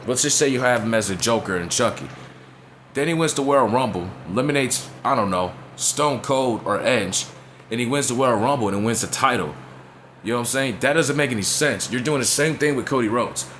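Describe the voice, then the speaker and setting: A man's voice: medium pitch, animated, a little fast, a bit bright, a little hiss or hum. A man ranting in a blunt, profane way in casual talk, often asking if you know what he's saying. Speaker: wrestling commentator vlogger. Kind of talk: casual opinion rant.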